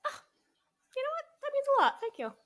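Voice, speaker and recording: Bright-voiced woman laughing through a chat. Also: very high voice, wildly swooping pitch, fairly quick. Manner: laughing often, self-deprecating, chatty. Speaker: podcast co-host. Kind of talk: casual chat.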